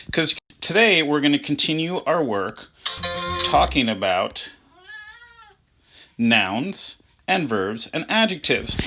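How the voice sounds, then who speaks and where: A man's voice: fairly high pitch, noisy background. A male teacher giving an online class, patiently asking students simple questions and reading short poems aloud. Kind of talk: recorded online class instruction.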